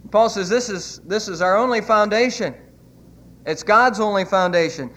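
A man's voice: high-pitched, normal speed, fairly bright tone. A man preaching a sermon as pastor, retelling scripture with earnest emphasis.

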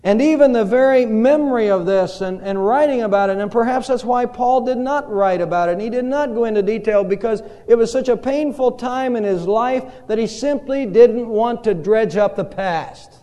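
A male pastor preaching a sermon in a church, telling stories slowly and dramatically with pauses. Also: very high-pitched, warm tone. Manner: slow, dramatic storytelling with pauses. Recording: reverberant hall.

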